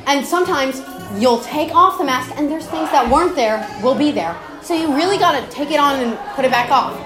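Young woman, high voice, rambly casual chatter full of laughs and cursing; roomy echo, clear music underneath. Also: lively intonation, a little fast. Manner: rambling, laughing, swearing, slangy. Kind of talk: casual recorded chat about game lore.

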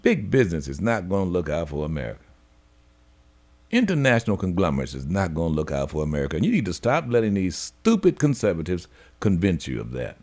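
A male radio talk show host is mid-monologue, opinionated and fast, his pitch swinging up and down with lively energy. His delivery is folksy and preachy, with little laughs dropped between points.

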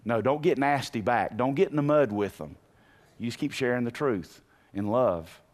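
A man preaching a sermon in an animated way, asking the congregation questions and rising to shouts. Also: mid-range voice, normal speed. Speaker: pastor.

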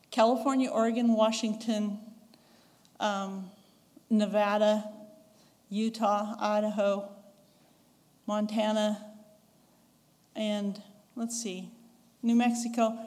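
A woman's voice: on the high side, darkish tone. A woman from the western United States with a Western American accent, preaching a sermon in a conversational way, chuckling and acting out quoted voices. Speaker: pastor. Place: church sanctuary. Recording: long church reverb.

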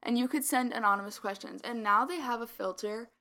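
A woman's voice: fairly high pitch, fairly quick. An eighteen-year-old woman co-hosting a casual podcast, telling stories with lots of laughter and "like". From United States. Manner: giggly, animated storytelling with frequent "like". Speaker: podcast co-host. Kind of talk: casual chat.

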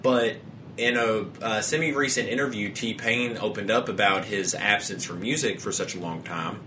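A man's voice: on the low side, normal speed, background noise. A young man co-hosting a podcast, rambling casually with frequent restarts and a lot of swearing. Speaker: podcast co-host.

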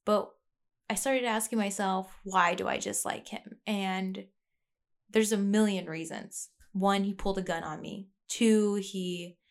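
A woman's voice: medium pitch, gravelly. Young woman musing on her podcast. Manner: rambling, reflective, with frequent fillers and restarts. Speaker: podcast host. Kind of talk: casual personal monologue. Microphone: plugged-in podcast mic.

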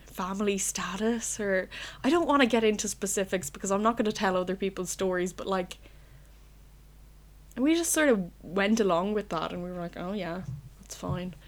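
A young Irish woman talks alone in her bedroom in a loose, casual podcast chat. She rambles candidly and swears without a second thought. Her voice sits at an ordinary middle pitch for a woman. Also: normal speed. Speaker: podcast host.

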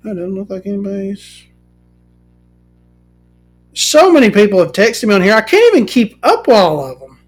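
A woman hosting a podcast, ranting casually and swearing, swinging from loud outbursts to muttering. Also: medium pitch, sing-song, moderate pace, long pauses, husky. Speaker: podcast host.

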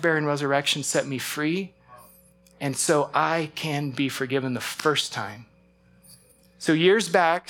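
A man's voice: on the high side, a bit bright. A man leading a Bible study, preaching in a casual, chatty way, laughing often and restarting his sentences. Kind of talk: sermon.

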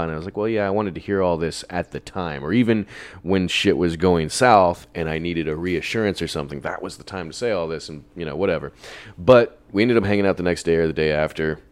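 A man's voice: deep voice, no echo. A young man in casual chat, telling a long personal story in a rambling way, swearing freely and laughing often. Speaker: podcast guest telling a story.

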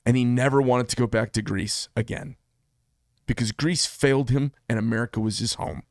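A man's voice: mid-range voice, fairly even intonation, normal speed, dry recording, clean studio sound. A man in his fifties hosting a solo commentary show, speaking in an impassioned, emphatic way and often repeating himself for effect. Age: 50s. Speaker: podcast host.

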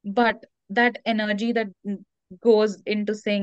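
A woman's voice: medium pitch, steady tone, normal speed, smooth, dry recording, highs cut off. A woman speaking candidly as an interview guest, earnest and reflective, with many fillers.

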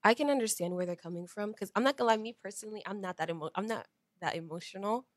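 A woman's voice: medium pitch, racing, dry recording. Bubbly young woman, dry close sound. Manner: bubbly, laughs often. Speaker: co-host. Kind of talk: casual faith discussion.

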